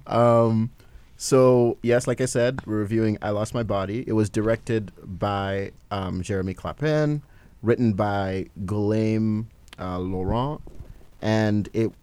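A man's voice: on the low side, fairly even intonation, takes it slowly, a little mellow, clean tone. A man hosting a casual podcast film review, rambling with fillers and laughing often. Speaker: podcast host.

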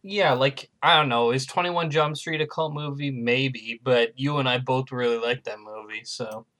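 A man co-hosting a casual podcast, retelling a film's plot in a rambling way with many fillers. His voice is bright and tense. He jokes with his co-host as he goes. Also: mid-range voice, steady tone, normal speed. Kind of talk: casual chat.

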